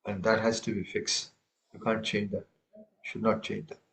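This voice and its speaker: A man's voice: on the low side, little pitch movement, moderate pace, creaky, fairly bright tone, slight background noise, low-quality recording. A man teaching a tabla class over a video call, correcting students and reciting rhythm syllables aloud. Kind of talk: online music lesson.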